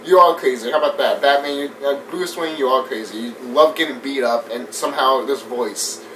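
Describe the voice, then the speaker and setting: A man giving a casual, animated movie review rant. He swears often, laughs a lot and mimics scenes as he talks. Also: mid-range voice, fairly quick. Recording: distant mic with faint background noise.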